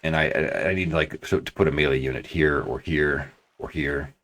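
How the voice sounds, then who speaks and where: Playing a strategy game, a bass-voiced man comments at a moderate pace, his tone a bit bright. As a let's play commentator, he talks his plans through at length, thinking aloud with restarts and hedges.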